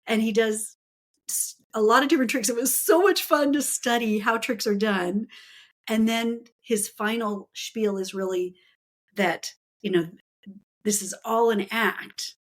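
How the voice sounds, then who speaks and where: A woman's voice: fairly high pitch, steady tone, unhurried. A woman author as a podcast guest, telling stories with enthusiasm and frequent laughter in casual chat. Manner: enthusiastic storytelling, laughs often.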